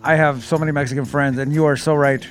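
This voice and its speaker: Man, high voice, casual podcast banter, stammering restarts, faint music underneath. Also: fairly even intonation. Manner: halting, repeats words when starting a sentence. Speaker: podcast co-host. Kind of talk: casual chat.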